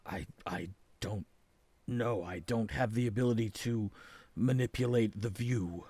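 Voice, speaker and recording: A man voicing a troubled hermit who speaks in a halting, hushed way, with a lower voice than his own. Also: breathy edge, no room sound. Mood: hushed, solemn.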